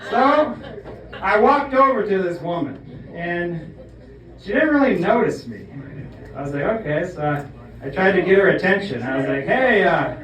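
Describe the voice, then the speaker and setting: A man's voice: high-pitched, sing-song, normal speed, fairly bright tone. A man telling a comic story with mock earnestness, often tagging lines with "okay?". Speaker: comedian. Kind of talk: comedic storytelling monologue. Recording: echoey room, far from the mic.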